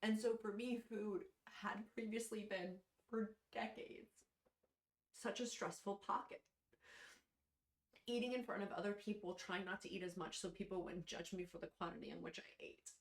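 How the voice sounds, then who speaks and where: A woman's voice: medium pitch, fairly even intonation, normal speed, reverberant. A woman talking straight to camera in a vlog, tearful and heartfelt, rambling with fillers. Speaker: vlogger. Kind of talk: emotional casual vlog. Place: at home, in her robe.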